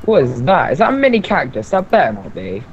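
A young man co-hosting a let's play, excitable and quick to swear. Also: fairly high pitch. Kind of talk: casual gaming chat. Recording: slightly dull lo-fi mic with faint noise.

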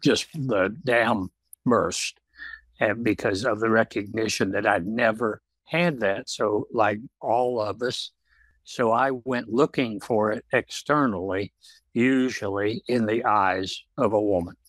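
Slow, halting older man. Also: lowish voice, a bit bright, dry recording. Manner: slow, halting, with many pauses and restarts. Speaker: guest. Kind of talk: reflective podcast conversation.

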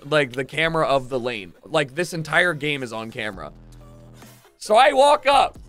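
A young man streaming, telling a story casually to his chat, swearing freely and acting out the moments, rising to shouts. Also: sits high.

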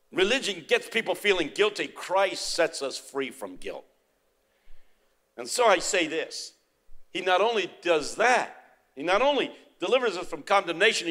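An older man preaching a sermon, moving from quiet storytelling to loud, emphatic proclaiming. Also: high voice. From United States.

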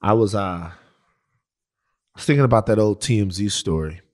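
Male podcast co-host, low voice, playful casual banter. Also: moderate pace. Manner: playful, sings his own jingles loudly. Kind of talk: casual chat.

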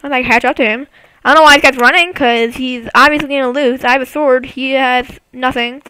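A woman giving excitable, taunting commentary on her own game to viewers, recorded on a computer mic at home. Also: high-pitched, fairly quick, smooth, no echo. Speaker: gameplay commentator.

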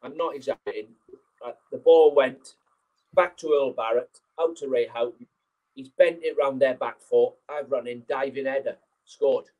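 A man telling an anecdote as a guest speaker, lively and acting out the scenes as he goes. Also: medium pitch, moderate pace, narrow, tinny audio. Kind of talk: anecdotal storytelling.

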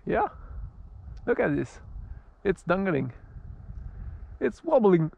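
A man's voice: sits high, very animated, takes it slowly, vocal fry, long pauses, mellow. A man with a French accent, chatting casually as he flies a glider outdoors in the snow, laughing often and restarting his sentences. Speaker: RC glider pilot and vlogger. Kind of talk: casual running commentary while flying. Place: outdoors on a snowy, freezing field.

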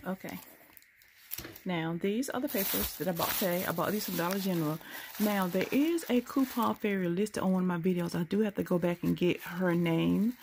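A woman's voice: medium pitch, a little mellow, breathy edge. A sleepy woman, rambling through a casual late-night vlog into a handheld phone. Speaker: couponing vlogger.

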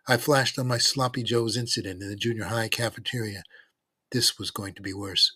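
A man narrating a novel in the first person, in a steady, even storytelling manner. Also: lowish voice, moderate pace, slightly rough, dry recording.

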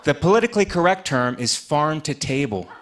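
A man doing a stand-up comedy set with deadpan punchlines in a TV studio. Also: fairly high pitch, brisk, noisy background.

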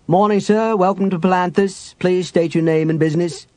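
Male reader doing a high, jittery gate guard for a fantasy audiobook, stammering and over-apologetic. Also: fairly even intonation, moderate pace, a little mellow, close to an everyday voice. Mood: polite.

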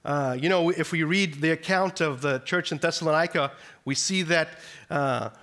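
A man's voice: a little high, moderate pace, a bit bright. A man, a missionary, giving an earnest chapel sermon with frequent restarts. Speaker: missionary speaker.

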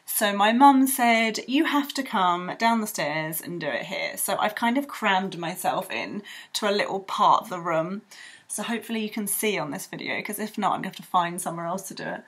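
A woman's voice: medium pitch, expressive, moderate pace, fairly bright tone, slightly rough. A young woman teaching children to draw in a bubbly, rambling way with playful sound effects. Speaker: art tutor. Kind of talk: drawing tutorial for children.

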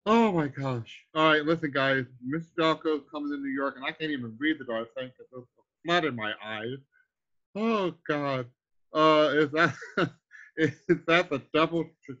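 A man's voice: a little high, moderate pace, pushed and bright. Guy hosting a group call, gushing, calls everyone brother, slightly muffled call sound. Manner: effusive, calls people sir and brother. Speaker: host of a weekly team training call. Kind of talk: motivational conference-call hosting.

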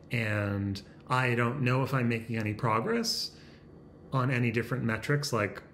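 A man talks straight to camera at home in a casual, self-conscious way, joking and often laughing at himself. His voice sits at a mid pitch. A faint room hiss hangs under the recording. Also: fairly bright tone. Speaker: vlogger. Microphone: camera facing him.

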